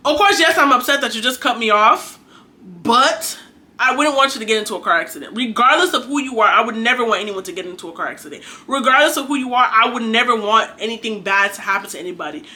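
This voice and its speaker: A woman's voice: fairly high pitch, lively intonation, quick pace, sharp tone. A young adult woman giving an earnest, chatty faith talk to her viewers, exhorting and conversational. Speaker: faith vlogger. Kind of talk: casual preachy monologue.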